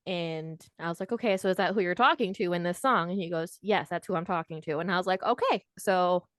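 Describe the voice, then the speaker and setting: A woman's voice: on the low side, a little fast, a bit bright, dry recording, clean studio sound. A young woman, a podcast guest, telling her story in a chatty, self-deprecating way. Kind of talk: casual storytelling.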